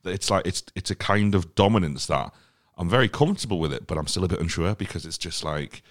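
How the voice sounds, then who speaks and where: A man's voice: low-pitched, expressive, fast talker. A man hosting a football podcast, chatting casually and handing topics over to his co-hosts. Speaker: podcast host.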